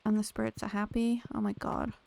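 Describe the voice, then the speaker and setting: A woman's voice: mid-range voice, level tone, fairly quick, vocal fry, a little mellow, slight background noise. A young woman streaming a game, chatting casually and thanking viewers by name as she plays. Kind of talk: casual live-stream chat.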